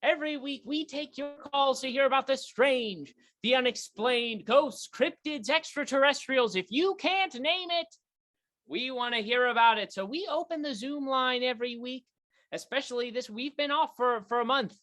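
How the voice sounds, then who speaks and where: A woman's voice: sits high, moderate pace, a bit bright. A woman hosting a comedy talk show with a theatrical, hammy announcer delivery, running a mock paranormal call-in segment.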